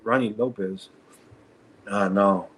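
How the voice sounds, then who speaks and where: Speaking slowly in a lowish voice, this guest recounts a street story during a casual chat. He laughs a lot and animatedly imitates the voices of the people in his anecdote.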